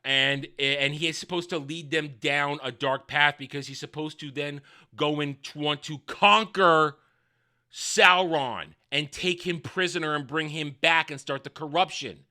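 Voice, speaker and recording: Male reviewer, sarcastic rambling rant, high voice, very bright and tense. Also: unhurried. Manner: sarcastic, rambling, swings from loud to mumbling. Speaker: online show reviewer. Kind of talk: casual ranting review.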